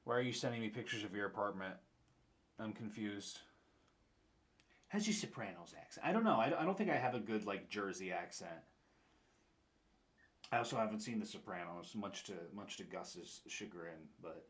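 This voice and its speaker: Young man, upstate New York accent, lowish voice, rambling casual stream chat. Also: moderate pace, long pauses. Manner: rambling, chatty, reads and answers chat. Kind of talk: casual chat while painting miniatures.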